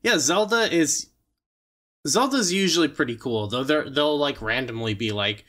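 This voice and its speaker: A man's voice: medium pitch, animated, moderate pace, a bit bright. A man with a mid-range voice co-hosts a podcast in easygoing casual chat. He leans on fillers like "kind of" and "you know" and often breaks into short laughs. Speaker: podcast co-host.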